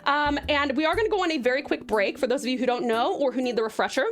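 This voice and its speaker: With a high voice and a quick pace, a young Tasmanian woman chats bubbly on a live stream as soft music plays. Her Australian accent shows American traces, and she greets viewers with pet names while laughing often.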